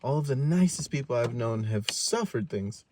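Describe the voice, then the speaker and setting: A man's voice: mid-range voice, lively intonation, moderate pace, noisy background. A man in his twenties co-hosting a podcast, laid-back, acting out quoted lines in casual chat. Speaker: podcast co-host.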